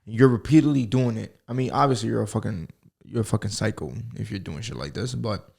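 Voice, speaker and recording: A man's voice: fairly low pitch, brisk, gravelly, darkish tone, husky. A young man hosting a solo comedy podcast, rambling and profane and laughing at himself. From United States. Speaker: podcast host. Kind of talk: casual solo podcast monologue.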